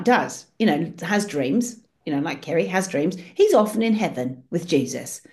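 Aussie woman guiding a prayer call, warm encouraging tone, tells stories. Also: low-pitched. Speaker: prayer group leader. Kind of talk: guiding an online prayer session.

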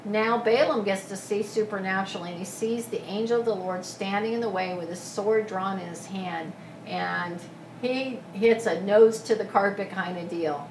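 A woman preaching a sermon, retelling a scripture story in a lively, casual way with asides. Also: mid-range voice, moderate pace, slight background noise. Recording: echoey room from a distance.

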